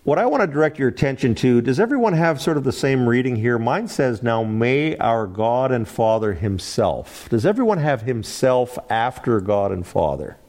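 Animated man teaching a Bible class. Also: medium pitch, normal speed, few pauses. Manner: animated, asks the class questions, laughs lightly. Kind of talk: interactive Bible class lecture.

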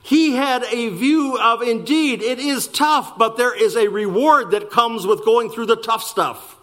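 A man preaching a sermon, slowing down to stress key words and speeding through asides. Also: very high voice. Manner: animated preaching, slowing for emphasis and rushing asides. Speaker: pastor.

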